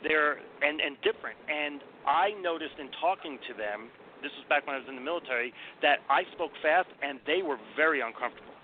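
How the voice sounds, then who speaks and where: A man talking as a guest recruiting expert on a call-in talk show, blunt and emphatic. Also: on the high side. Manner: blunt, emphatic, talks fast. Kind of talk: casual phone-in talk show chat. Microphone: phone. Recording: tinny phone line with faint noise.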